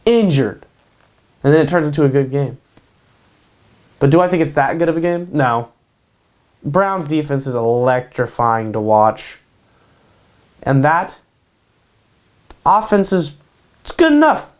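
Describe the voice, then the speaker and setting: On a show he hosts from home in Kansas, a man hypes up his casual sports predictions, repeating each pick and finishing with "baby." His high-side voice is expressive, his pace measured, and he leaves long pauses.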